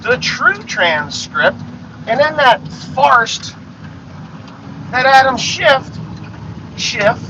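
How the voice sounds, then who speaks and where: High-voiced man, blunt and profane, lo-fi recording with steady noise behind. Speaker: podcast host. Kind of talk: ranting monologue. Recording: dull lo-fi sound with noise.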